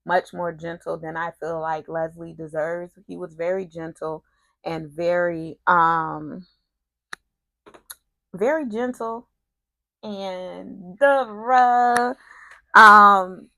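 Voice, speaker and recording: A woman casually recapping a soap opera episode in an animated, sassy way, with slang and quick asides. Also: lowish voice, gravelly, no room sound.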